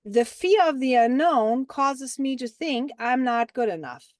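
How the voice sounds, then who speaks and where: This is a woman with a German accent who hosts a mentorship call. Her voice sits a little high, and she talks in a lively, chatty way, leaning on "like" and "right?" as she coaches. The sound is dry and close. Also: measured pace, no echo. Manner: animated and chatty, many fillers like "like" and "right?". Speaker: mentorship group host. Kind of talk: casual coaching talk on a group call.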